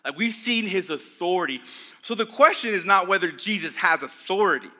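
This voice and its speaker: A young adult man preaching a sermon as pastor, casual and conversational, with lots of "like" and quick asides to the congregation. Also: high voice. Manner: conversational, animated, acts out voices of religious leaders.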